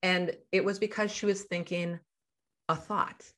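A woman's voice: fairly low pitch, steady tone, unhurried, fairly bright tone. A woman guest on a podcast interview, a life coach talking over a video call and explaining through everyday examples.

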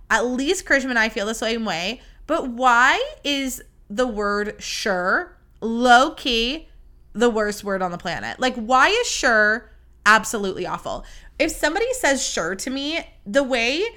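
A young adult woman hosting a solo podcast, chatting casually in an animated, gushing and dramatic way, speaking straight to her listeners. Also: on the high side. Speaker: podcast host.

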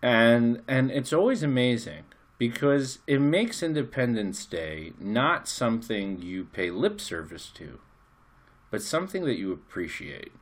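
A man's voice: medium pitch, measured pace. An American man in his thirties, a podcast co-host telling jokey stories and acting out the voices of the people in them. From United States. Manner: animated, jokey storyteller acting out quotes. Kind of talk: casual storytelling chat.

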